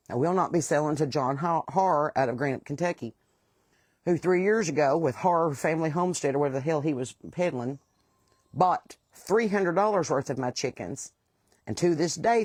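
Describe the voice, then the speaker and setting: A woman's voice: deep voice, a little fast, a little mellow, slightly rough, dry recording. A middle-aged woman with a West Virginian accent, hosting a casual monologue and talking in a blunt, plain-spoken, aggravated way. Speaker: host.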